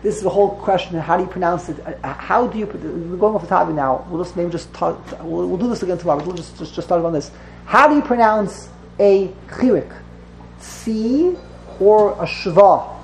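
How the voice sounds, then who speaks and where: A woman's voice: on the low side, brisk, creaky, rough recording. A woman teaching a religious text class to students, explaining patiently and often repeating and correcting herself.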